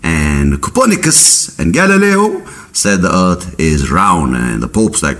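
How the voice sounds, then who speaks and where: Deep-voiced punning podcast man. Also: sing-song, unhurried, a bit bright. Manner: rambling, punning, jumps into silly voices. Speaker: podcast host. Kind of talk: comedic monologue.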